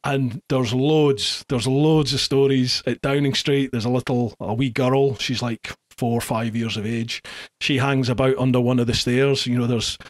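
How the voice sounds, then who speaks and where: A man's voice: mid-range voice, normal speed. Middle-aged man telling a story. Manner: animated, acts out shouted quotes, many restarts. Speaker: podcast host. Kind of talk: casual podcast storytelling.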